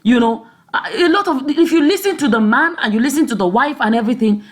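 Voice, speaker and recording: A woman with a Nigerian accent delivers her own commentary to camera in a chatty, emphatic vlog style. Her voice sits a little on the high side, and she keeps pulling her listeners along with a quick "okay?" between points. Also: lively intonation. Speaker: vlogger.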